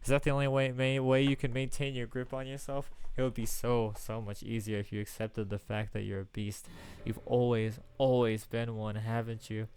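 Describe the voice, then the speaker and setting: A man voicing a cruel, taunting maid, speaking quietly and with contempt. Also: medium pitch, little pitch movement, moderate pace, a little hiss or hum, close to an everyday voice. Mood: sneering. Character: cruel mocking maid, cold and sneering.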